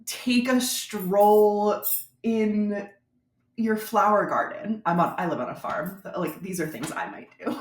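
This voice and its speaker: A woman's voice: medium pitch, lively intonation, unhurried. A woman from Florida, a brand strategist giving a casual, chatty video tutorial to speakers. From Florida, USA. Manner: chatty, conversational, informal. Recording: roomy echo.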